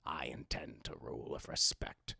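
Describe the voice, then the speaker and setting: A man doing an impression of a gruff male bounty hunter in a low, growly voice. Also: fairly even intonation, moderate pace, pushed and bright, dry recording, whispered, studio quality, full character voice. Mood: menacing. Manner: low growly menacing delivery.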